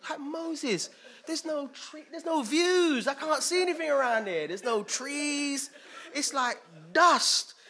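A moaning, fed-up desert wanderer who whines about everything, as a preacher puts him on. The voice climbs high above the speaker's own and comes out loud and bright. It drags out each complaint slowly. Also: male voice, animated, full character voice. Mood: whiny. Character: whining grumbling Israelite man in the desert.

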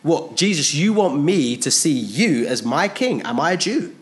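A preacher putting on a scornful Roman governor Pilate. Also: male voice, on the low side, lively intonation, a little fast, a bit bright, slight background noise, voice pushed down. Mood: incredulous.

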